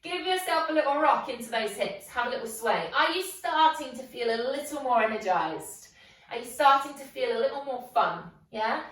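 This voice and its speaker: A woman's voice: high voice, expressive, normal speed, a bit bright. A woman guiding a yoga class, encouraging and playful, asking coaxing questions. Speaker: yoga instructor. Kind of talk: guided yoga class instruction. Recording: very echoey room, voice from a distance.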